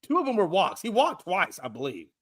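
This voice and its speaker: Brash, high-voiced sports co-host man. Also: wildly swooping pitch, brisk, a bit bright, slightly rough. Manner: brash, profane, argumentative. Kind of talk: casual sports banter.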